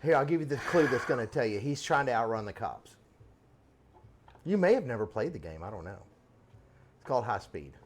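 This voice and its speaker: A man's voice: mid-range voice, very animated, fairly quick, pauses often, a little hiss or hum. A middle-aged man hosting a casual workshop chat, telling long rambling stories and chuckling often. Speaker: host.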